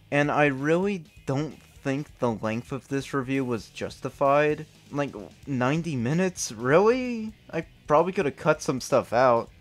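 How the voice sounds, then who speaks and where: A young man reviewing his own old video game reviews in a candid, self-critical, casual way, swearing often. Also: medium pitch. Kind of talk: casual retrospective commentary.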